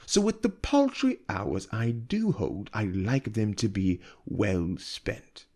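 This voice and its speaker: A man reading aloud and voicing a cold, calculating noblewoman who speaks slowly and quietly with open disdain. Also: on the low side, sing-song, full character voice. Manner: slow, hushed, icy and disdainful.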